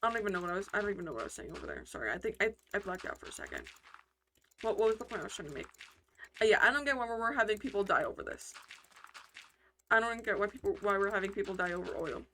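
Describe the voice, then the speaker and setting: Bright-voiced woman ranting over gameplay. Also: mid-range voice, sing-song, racing, slight background noise. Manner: rambling, heated ranting with many fillers and restarts. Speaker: gaming channel host. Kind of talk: casual gameplay commentary.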